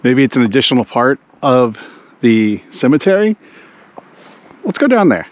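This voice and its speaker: A travel vlogger strolls through a snowy cemetery in winter, rambling and thinking aloud with lots of "like." His medium-pitched voice is very animated and moves at a normal speed, captured in a dry, lo-fi recording.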